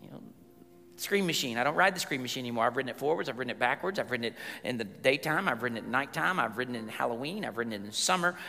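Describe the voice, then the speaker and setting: A man, preaching a sermon as a chatty, humorous storyteller who gets loud at times. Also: medium pitch, expressive, very fast, creaky, in a large hall, faint music behind. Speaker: pastor.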